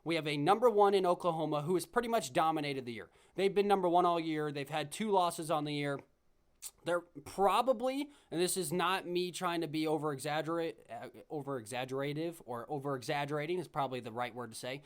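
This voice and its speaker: A man's voice: on the high side, fairly quick. Chatty young man talking sports. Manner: chatty, rambling, repeats himself and restarts. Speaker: podcast host. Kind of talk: solo sports podcast monologue.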